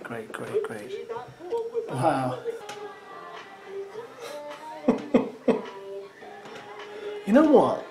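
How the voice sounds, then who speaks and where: Sarcastic man reacting over music. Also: a little high. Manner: sarcastic, teasing running commentary. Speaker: reaction commentator. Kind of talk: reaction commentary. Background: show soundtrack music.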